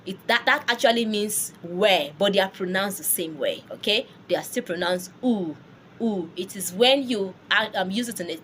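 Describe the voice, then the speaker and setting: A woman's voice: medium pitch, moderate pace, few pauses, fairly bright tone, slight background noise. A woman teaching French pronunciation online, drilling words and laughing often. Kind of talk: online language lesson.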